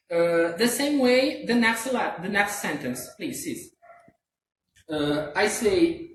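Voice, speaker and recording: A man teaching English grammar in a live online class, patiently checking understanding again and again. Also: high-pitched. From Brazil. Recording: roomy, distant from the mic, faint hiss.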